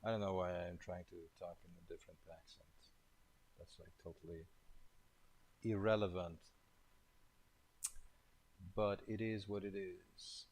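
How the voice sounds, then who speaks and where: A man's voice: deep voice, little pitch movement, a little slow, long pauses, a little mellow, slight background noise, poor audio. A man thinking aloud while live coding, muttering to himself in casual, half-finished and mildly profane remarks. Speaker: programmer leading a coding session.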